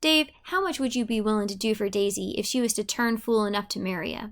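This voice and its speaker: Showy boasting young man, read by a woman, rural dialect, gravelly, mid pitch. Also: quick pace, lightly acted. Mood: boastful.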